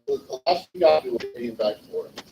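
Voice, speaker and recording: A man's voice: medium pitch, normal speed, creaky, dark tone, muffled recording, faint music behind. Man telling stories from a distant mic. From California. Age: 40s. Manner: rambling anecdotes with self-corrections. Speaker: eulogy speaker. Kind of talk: livestreamed memorial storytelling. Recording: distant mic, roomy echo, faint noise.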